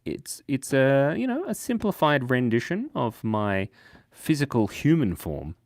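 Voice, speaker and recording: A man's voice: mid-range voice, sing-song, unhurried, a little mellow. A young Australian man hosting a casual drawing livestream, chatty and jokey, reading the chat aloud and laughing often. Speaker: livestream host and cartoonist.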